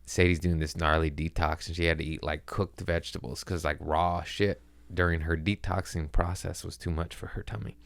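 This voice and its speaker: A man's voice: sits low, level tone, moderate pace, creaky, no room sound. A man hosting a podcast, rambling through a profane, self-mocking comedic monologue in casual chat. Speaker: podcast host.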